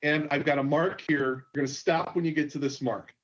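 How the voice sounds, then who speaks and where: A man's voice: a little high, fairly quick. A man hosting a convention panel, telling an on-set story with quoted dialogue. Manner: animated anecdote, quotes others. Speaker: panel host, filmmaker. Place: convention stage. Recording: dull lo-fi panel recording.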